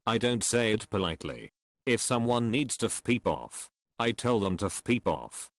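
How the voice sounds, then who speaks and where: A man reading online comments aloud in a slow, dry delivery. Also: fairly low pitch, sing-song, no room sound.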